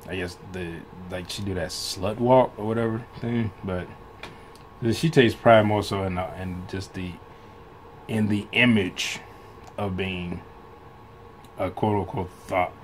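Low-voiced man rambling through a reaction video. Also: a little mellow, slight background noise. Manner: rambling and loose, full of "like" and restarts; laughs often while talking. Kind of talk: casual reaction commentary.

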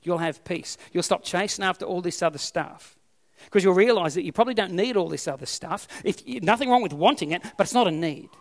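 A man's voice: high-pitched, brisk, long reverb tail. An Australian man preaching a sermon as pastor, emphatic and repeating his key phrases.

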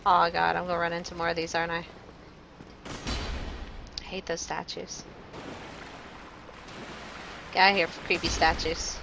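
A woman streaming live gameplay, talking to her chat in a jumpy, nervous way with quick laughs. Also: lowish voice, completely flat delivery, creaky, background noise. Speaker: game streamer.

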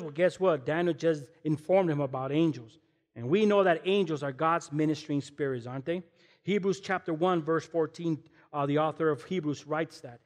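A man with a high-pitched voice preaching a sermon in a church, his words trailing off into a long hall reverb. He is animated and emphatic, firing rhetorical questions at the congregation and dropping in casual slang along the way. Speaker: guest pastor. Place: church sanctuary.

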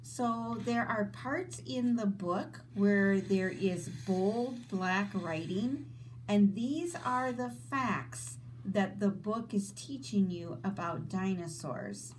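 A woman teacher reading a children's book aloud, in slow, expressive storytelling. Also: mid-range voice, slight background noise, poor audio.

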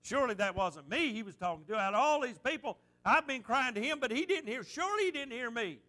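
A man voicing a doubting blind male beggar in a hushed, disbelieving way, as part of a sermon. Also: extremely high pitch, lively intonation, quick pace, exaggerated voice. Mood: doubtful.

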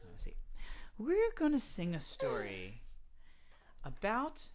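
A man's voice: high-pitched, wildly swooping pitch, slow pace, crowd noise. A man teaching a playful children's singalong, singing songs and talking the children through games. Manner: playful, sings and whispers to children. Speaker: music teacher.

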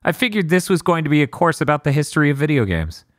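A man hosting a podcast, telling stories in casual chat, blunt and quick to swear. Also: a little high, very animated, dry recording, clean studio sound. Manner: storytelling, blunt, swears freely. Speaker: podcast host.

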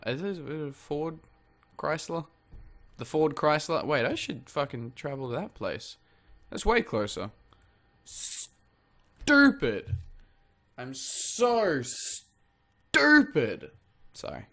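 A man's voice: fairly high pitch, fairly bright tone. A man giving rambling, jokey let's-play commentary, swearing freely as he plays. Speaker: gaming channel host.

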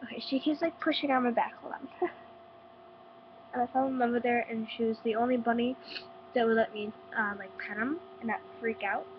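A woman's voice: fairly high pitch, fairly even intonation, brisk. A teenage girl with a stuffy nose from being sick, chatting at home in a casual vlog full of likes and ums. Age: teens. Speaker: vlogger. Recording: dull lo-fi webcam with hum.

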